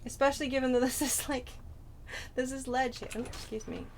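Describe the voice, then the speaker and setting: A British woman in her thirties, with a voice sitting a little higher than most, chats away as she plays a game on stream. She drifts between tangents with self-deprecating asides. A steady hiss of noise runs under the recording. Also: brisk. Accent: British English. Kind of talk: casual chat while playing a game. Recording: noisy home stream audio.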